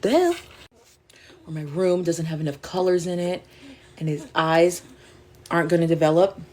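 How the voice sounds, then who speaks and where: Candid, rambling woman, low voice. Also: level tone, normal speed, darkish tone. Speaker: social media creator and mother. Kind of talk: casual get-ready-with-me chat to camera. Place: at home getting ready.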